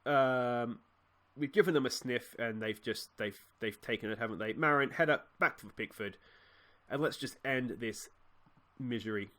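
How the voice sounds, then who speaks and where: With a medium-pitched, fairly bright voice at a moderate pace, a young Australian let's play host talks through his football management game, rambling, getting frustrated and restarting again and again.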